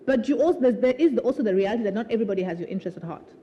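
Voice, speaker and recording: A woman's voice, on the high side, animated, very fast and mellow, comes through with the highs cut off and a little hiss or hum. She's an author chatting conversationally at her own book launch, a live festival event, laughing often and restarting sentences with repeated words.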